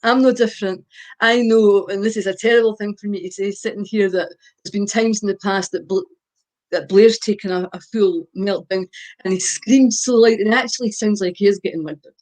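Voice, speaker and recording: Speaking briskly with fairly even intonation, this older woman's voice is mid-range and a little mellow. As a guest expert on a podcast, she gives parenting advice, stressing and restating her points and adding a tag question, "right?"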